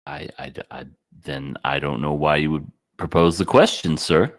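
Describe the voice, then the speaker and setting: A man co-hosting a podcast in casual chat, pushing back on the others with wry, deadpan remarks. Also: extremely low pitch, normal speed. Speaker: podcast co-host.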